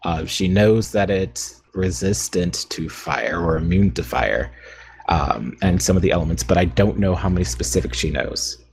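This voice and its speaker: A man's voice: low-pitched, normal speed, vocal fry, a little mellow. A man playing a tabletop role-playing game, eagerly and ramblingly explaining what his character plans. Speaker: player.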